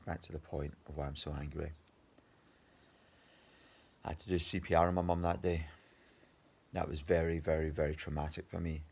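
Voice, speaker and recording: A man's voice: low voice, vocal fry, darkish tone, breathy edge. A Scottish man in his fifties, exhausted, rambling and swearing angrily in a personal video diary. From Scotland. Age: 50s. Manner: agitated, rambling, heavy swearing. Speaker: video diarist.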